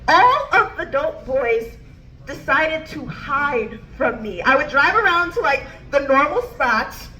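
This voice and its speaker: A woman's voice: high-pitched, very animated, slow pace, pushed and bright, slight background noise. A woman comedian telling a standup story, bubbly and laughing as she goes.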